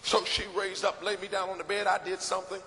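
A man doing stand-up comedy, telling an animated story and acting out scenes on stage. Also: sits high, quick pace, slight background noise. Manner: animated, acts out scenes, gasps and shouts. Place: stage before a live audience. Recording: live hall with audience ambience.

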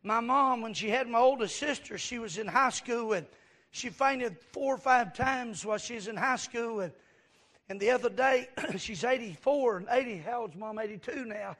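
High-voiced preacher, folksy then shouting. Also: male voice, normal speed. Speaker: pastor. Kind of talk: sermon.

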